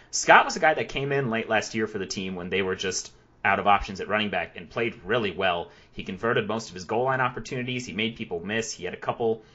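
A man hosting a podcast, brisk and analytical as he breaks things down. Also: lowish voice, sharp tone, lo-fi sound. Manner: brisk, analytical, quick delivery. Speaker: podcast host. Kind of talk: casual podcast chat.

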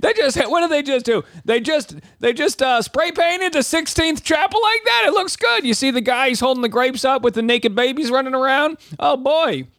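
A man putting on a loud, dumb male tourist from Alabama gushing over the sights, with a grating, mocking voice and an Alabama accent. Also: very high-pitched, lively intonation, moderate pace, few pauses, dry recording, clean studio sound, voice pushed up, heavily acted. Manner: mocking, overexcited sightseeing gush.

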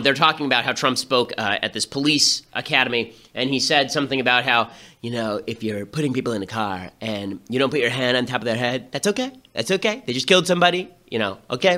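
A man hosting a podcast, delivering political commentary in a rapid, sarcastic, animated way. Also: mid-range voice. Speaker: podcast host.

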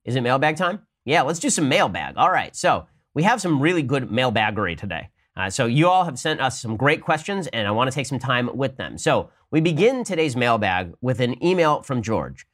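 A young man hosting a commentary show, talking fast and arguing hard. He fires off rhetorical questions one after another while answering listener mail. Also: mid-range voice, sing-song, fairly bright tone. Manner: rapid, argumentative, rhetorical questions. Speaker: host.

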